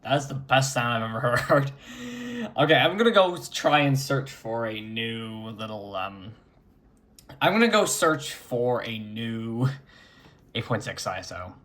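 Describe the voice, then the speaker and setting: A man's voice: mid-range voice, animated, a bit bright. A man chatting casually as he records his screen and talks through an old computer setup. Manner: unhurried, chatty, mutters while clicking. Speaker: retro computing vlogger.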